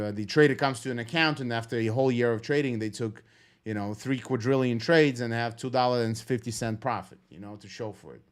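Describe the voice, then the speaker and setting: A man talks through a live trading stream in an easy, rambling way. He keeps his energy deliberately calm and low-key, curses casually and restarts his sentences often. His voice sits at an ordinary middle pitch. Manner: rambling, frank, swears casually, many fillers and restarts.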